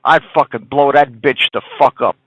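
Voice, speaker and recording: A man's voice: mid-range voice, fairly even intonation, moderate pace, husky, no echo, dull audio. A man in casual conversation who rants angrily with heavy profanity. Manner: angry, heavily profane ranting.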